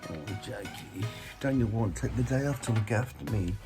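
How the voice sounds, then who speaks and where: Poorly middle-aged guy moaning to the camera, deep-ish voice, music in the background. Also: moderate pace, gravelly, poor audio. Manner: chatty, self-pitying. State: unwell and weak. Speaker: vlogger. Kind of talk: casual vlog chat.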